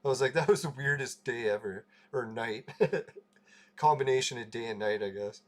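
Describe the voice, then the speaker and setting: A man's voice: mid-range voice, normal speed. A man hosting a casual livestream, telling a rambling story, laughing and swearing freely. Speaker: livestream host.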